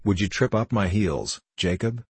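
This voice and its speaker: A man reading the part of a reckless, mocking young nobleman in a storybook, with a deep, husky voice. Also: expressive, normal speed, no echo. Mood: sardonic. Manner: sardonic, teasing.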